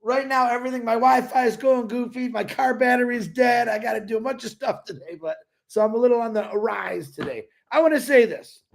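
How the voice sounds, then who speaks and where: A man co-hosting a casual livestream over a video call, rambling and stumbling over his words. His voice is high with a gravelly, creaky texture. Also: brisk, hardly any pauses. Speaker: livestream co-host.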